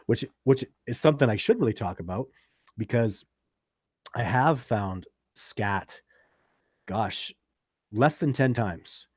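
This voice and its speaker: On his Sasquatch research live stream, a man fields viewer questions and tells meandering stories full of restarts and fillers. His medium-pitched, slightly mellow, husky voice has lively intonation, and he takes it slowly, pausing often. The sound is dry and studio-clean.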